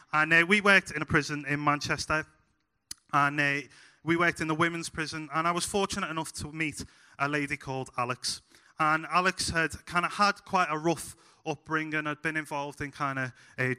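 Scouse male preacher, joking storyteller with lots of "uh"s, sharp bright tone. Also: a little high, smooth. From Liverpool, England. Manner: humorous storytelling with frequent "uh" fillers. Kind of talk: sermon.

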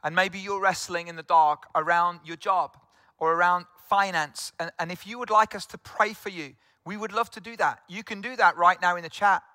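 A man's voice: sits high, steady tone, normal speed, sharp tone, no room sound. A middle-aged man from South Wales, a pastor preaching earnestly to an online congregation, speaking directly to listeners and repeating phrases for emphasis.

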